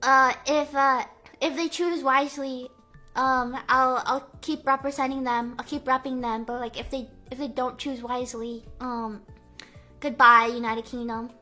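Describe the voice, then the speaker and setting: A woman's voice: high voice, little pitch movement, normal speed, sharp tone, soft background music. A woman streaming, chatting casually in a playful, rambling way full of "like" and "um". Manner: playful, jokey. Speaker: livestreamer. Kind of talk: casual chat.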